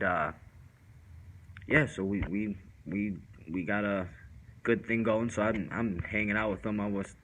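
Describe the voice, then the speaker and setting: Bright-voiced man telling a street story. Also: lowish voice, slight background noise, poor audio. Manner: loose, rambling street slang with many fillers. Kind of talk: casual first-person storytelling.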